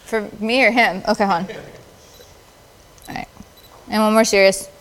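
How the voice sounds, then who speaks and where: A woman's voice: mid-range voice, fairly even intonation, normal speed, a bit bright, long reverb tail, slight background noise. A woman photographer directing models at a live shoot, with playful, encouraging directions. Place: large studio with audience.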